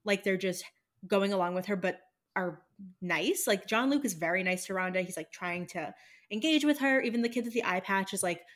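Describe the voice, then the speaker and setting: A young woman co-hosting a podcast in casual chat, thoughtful and measured as she reflects. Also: mid-range voice, lively intonation. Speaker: podcast co-host.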